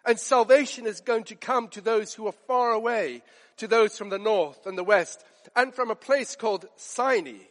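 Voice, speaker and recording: A man's voice: sits high, a bit bright. A man preaching a sermon in an earnest, emphatic way, repeating phrases for effect. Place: church. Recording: long reverb of a large church.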